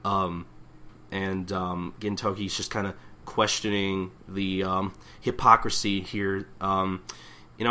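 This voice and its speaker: A man's voice: low voice, flat delivery, slow, bright, forceful tone. A young man co-hosting a podcast, recapping manga chapters in a rambling, casual way that keeps stopping and restarting. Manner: rambling, self-interrupting, acts out characters' lines. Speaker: podcast co-host.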